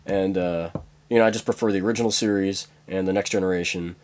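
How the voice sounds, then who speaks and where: A man's voice: deep voice, fairly even intonation, fast, a little mellow. A man rambling through a comic monologue, full of fillers and chuckling at his own jokes.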